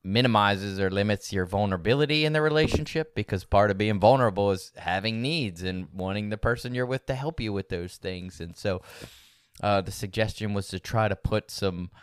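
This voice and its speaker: Male co-host, low resonant voice, reflective, halting delivery. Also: clean tone, dry recording, studio quality. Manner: thoughtful, hesitant, many fillers. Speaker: podcast co-host. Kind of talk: candid conversational podcast talk.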